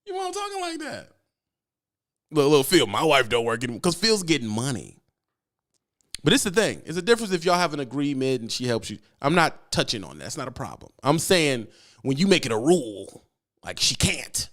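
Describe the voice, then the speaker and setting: A man who streams about trucking, talking in an animated, slangy, teasing way and reading chat aloud. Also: mid-range voice, fairly quick. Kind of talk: casual live-stream chat.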